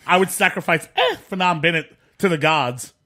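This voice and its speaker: Podcast co-host, male, high bright voice, lively and exasperated, comic ranting. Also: moderate pace. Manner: animated, exasperated, bursts into shouts and laughter. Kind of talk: casual comedic chat.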